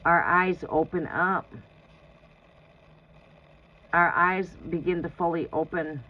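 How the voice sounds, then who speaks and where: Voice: mid-range voice, slow pace. A tarot reader on a live reading gives blunt, profane advice and laughs often. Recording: dull lo-fi sound with faint noise.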